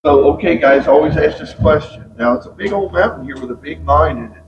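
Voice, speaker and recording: A middle-aged man leads a boat tour through a flooded underground mine, talking to his group in a joking storyteller's way. His voice has a gravelly edge and rings with cave echo. He is caught from some distance on a dull, noisy recording. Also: on the high side, expressive, fairly quick. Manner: joking storyteller, keeps addressing the group as "guys". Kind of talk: guided tour talk. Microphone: camera of a visitor on the boat, some distance off.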